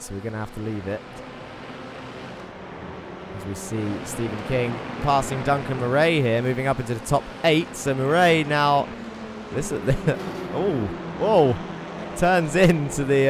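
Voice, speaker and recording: A man commentating an online sim race, excitable and chatty, reading out viewer messages between the action. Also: medium pitch, noisy background. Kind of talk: live esports race commentary.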